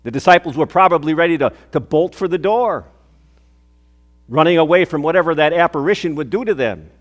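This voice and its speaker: An older man preaching in a church, his voice a touch higher than most men's. He tells stories earnestly, swelling with emphasis and then falling quiet on key phrases. A long reverb trails each line through the hall. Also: animated, fairly quick. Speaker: pastor. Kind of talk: sermon.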